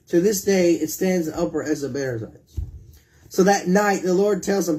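Retelling the Bible in his own words, this preacher with a high, warm voice speaks at a moderate pace and repeatedly asks his listeners questions.

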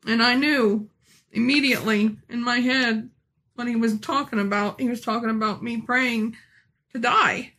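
A woman in her forties tells a heartfelt religious testimony with a high, bright voice. She speaks earnestly and haltingly, circling back and restarting her sentences as she goes. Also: steady tone. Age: 40s. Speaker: speaker sharing a personal testimony.

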